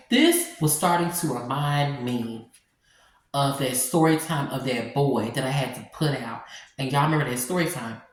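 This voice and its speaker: A woman telling a personal story in a casual vlog, animated and sassy, talking straight to her viewers. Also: very deep voice. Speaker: storytime vlogger. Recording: very echoey room.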